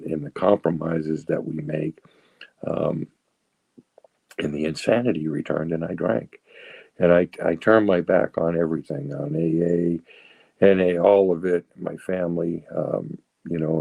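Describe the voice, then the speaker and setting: A man in his sixties with a very low, gravelly voice tells his recovery story, halting and restarting, with a wry, self-mocking humor. His tone is dark and husky, recorded close and dry. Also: dry recording, low-quality recording. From New England. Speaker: recovery speaker.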